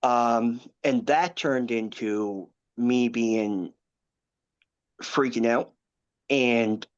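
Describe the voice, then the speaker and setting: A man in his thirties, a guest on a podcast, tells a personal story in an earnest, halting way and keeps adding asides. His voice sits at an ordinary pitch for a man. The recording sounds a little dull and lo-fi. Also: clear, resonant tone. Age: 30s.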